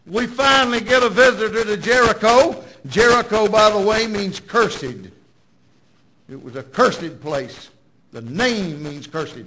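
A man's voice: high-pitched, lively intonation, measured pace, sharp tone, rough recording. A man preaching a sermon with dramatic, emphatic storytelling.

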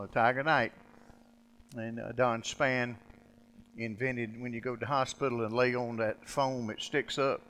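An older man preaching a sermon, folksy and storytelling, swinging between loud preaching and quiet asides. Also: mid-range voice. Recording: long hall reverb.

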